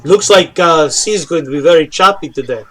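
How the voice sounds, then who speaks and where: A man voicing a big, boisterous drinking man who talks in a low, gruff way. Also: moderate pace, pushed and bright. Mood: gruff amused.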